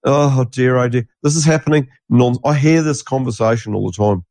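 A man's voice: medium pitch, normal speed, a little mellow, no room sound. An Australian man in an angry, rambling, conspiratorial monologue, swearing freely. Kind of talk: ranting monologue.

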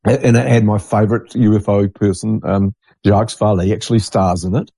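Rambling, blunt man, mellow voice. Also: lowish voice, steady tone, brisk, slightly rough, no room sound. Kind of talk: casual monologue.

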